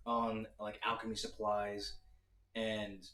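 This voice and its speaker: A man narrates as game master, describing dusty old rooms and items with plenty of "uh"s. He sits a little away from the microphone, and the room adds a clear echo over a faint hiss. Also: on the low side, monotone, slow, bright, forceful tone. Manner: describes scenes with frequent fillers. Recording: echoey room from a distance.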